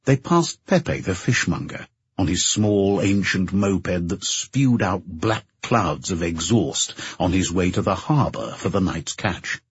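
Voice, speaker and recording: A man narrating an audiobook in a measured, even storytelling manner. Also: low voice, slightly rough. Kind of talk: scripted narration. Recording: dull dry narration recording.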